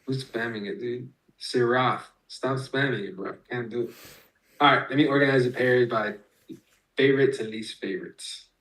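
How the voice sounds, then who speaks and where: A man's voice: mid-range voice, fairly even intonation, normal speed, fairly bright tone, poor audio. A man streaming live, talking a chat through chart setups and trade entries, swearing freely and calling out viewers. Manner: explains chart setups step by step. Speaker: trading streamer.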